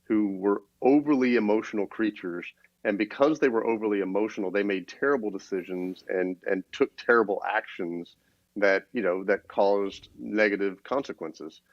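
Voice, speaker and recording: A man co-hosting a business podcast, explaining ideas in a steady, casual way. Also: lowish voice, moderate pace, no echo. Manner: steady, explanatory, many restarts. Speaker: podcast co-host. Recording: dull, dry lo-fi sound.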